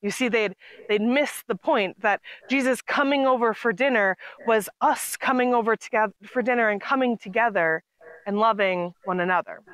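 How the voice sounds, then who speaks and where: A woman's voice: fairly high pitch, a bit bright, no room sound, rough recording. A woman intern pastor giving a recorded sermon in a conversational, storytelling way, with light laughs now and then.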